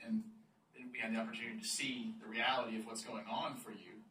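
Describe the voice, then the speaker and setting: A man speaking in a measured, reflective way as a church friend giving testimony. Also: on the low side, flat delivery, pushed and bright. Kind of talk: personal testimony. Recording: roomy, distant mic, faint noise.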